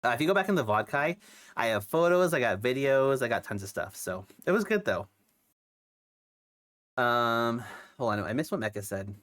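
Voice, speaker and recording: A man's voice: mid-range voice, very animated, normal speed, long pauses, a bit bright. A young man who is sick with a cough, chatting casually on his stream, rambling with lots of fillers and restarts. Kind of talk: casual chat.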